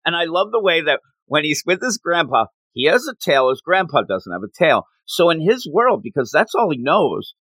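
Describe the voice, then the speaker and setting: A man co-hosting a podcast, retelling a story in animated, giggly casual chat. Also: fairly high pitch, moderate pace, hardly any pauses, slightly rough, dry recording, rough recording. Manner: animated, giggly, retells scenes with quoted voices. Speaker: podcast co-host.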